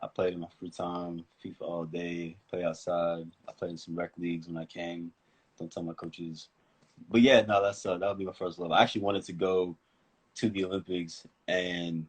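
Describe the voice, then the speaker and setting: A young man speaking as the guest of a casual live-stream interview, relaxed and laid-back, laughing easily. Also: sits low, slightly rough, low-quality recording. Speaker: guest athlete.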